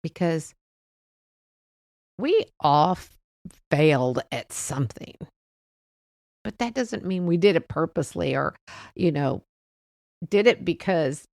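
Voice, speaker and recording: Middle-aged lady with some vocal fry giving a chatty, gentle pep talk about faith, dry close sound. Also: on the low side, dry recording. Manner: gentle, reassuring, chatty with soft laughs. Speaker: podcast host. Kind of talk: faith-based motivational talk.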